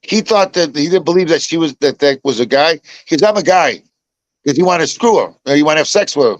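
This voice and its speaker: An older man from Chicago hosts a casual chat, telling stories that ramble and circle back with many restarts. His voice sits a little high. The sound is close and dry. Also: animated, fast, no echo, low-quality recording. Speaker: podcast host.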